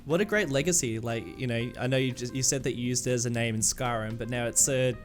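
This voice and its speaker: A male podcast host chatting casually and spinning anecdotes, acting out the voices of people he quotes. His voice sits at a middle pitch. Faint background music plays under the talk. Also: fast talker. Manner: animated storyteller, acts out quoted voices.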